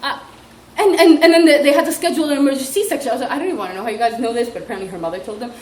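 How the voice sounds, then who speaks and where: A woman's voice: high voice, racing, darkish tone. A young woman who teaches English as a second language, chatting in a casual comedic vlog, giggling and mocking as she tells classroom stories with acted-out quotes. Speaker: vlogger and ESL teacher. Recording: echoey room, faint ambient noise.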